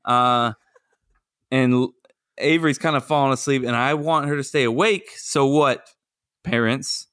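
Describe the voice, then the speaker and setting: Playful dad podcast host. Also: male voice, medium pitch, measured pace, long pauses, a bit bright, clean tone, no echo, studio quality. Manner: playful, jokey storyteller. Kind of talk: casual podcast chat.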